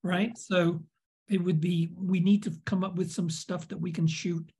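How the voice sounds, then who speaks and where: A man's voice: sits high, level tone, unhurried, gravelly, darkish tone, slightly rough. An older man from England, a video producer telling rambling behind-the-scenes stories as an interview guest. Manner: rambling storyteller, many fillers and restarts. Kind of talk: casual anecdotal interview.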